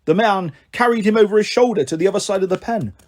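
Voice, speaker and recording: A man reading a children's book aloud in an expressive, animated way. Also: high voice, fast talker. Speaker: storyteller.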